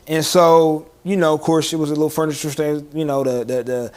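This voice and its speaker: A man's voice: fairly high pitch, little pitch movement, fairly quick, darkish tone. A young man co-hosting a podcast, telling a story in casual slang and laughing often. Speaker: podcast co-host.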